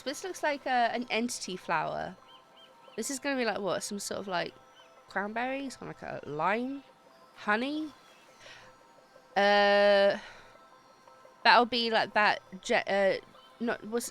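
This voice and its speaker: A woman streaming a dating game, chatting excitably and swearing freely as she reads the story text aloud. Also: mid-range voice, moderate pace, soft background music. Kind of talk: let's-play commentary and reading game text aloud.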